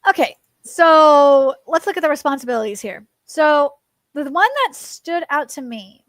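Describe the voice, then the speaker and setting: A woman's voice: sits high, moderate pace, a bit bright, no room sound. A woman streaming casually, rambling with many fillers and cooing at her cat in baby talk. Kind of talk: casual live-stream chat.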